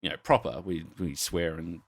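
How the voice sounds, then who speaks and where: A man's voice: low-pitched, normal speed, gravelly, slightly rough. A man chatting casually on a podcast, swearing and laughing as he tells stories. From Australia. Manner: laughing, swearing, doing loud voices. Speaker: podcast co-host. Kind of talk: casual chat.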